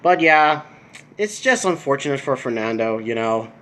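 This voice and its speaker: A man's voice: mid-range voice, animated, moderate pace, fairly bright tone, a little hiss or hum. A young American man giving a casual, rambling race review, full of fillers and restarts, in a room at home. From United States. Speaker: vlogger. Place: indoor room with a TV.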